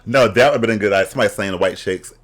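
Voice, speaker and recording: A drag reaction video host speaks fast in a voice on the low side. The video is casual, and he is candid and blunt, trading bawdy jokes and laughing frequently.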